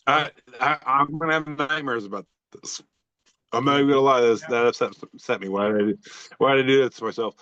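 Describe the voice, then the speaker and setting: A man's voice: medium pitch, fast talker, a bit bright, dry recording, dull audio. A man co-hosting a casual podcast, reading out social media posts with a joking, rambling delivery and lots of fillers. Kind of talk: casual chat.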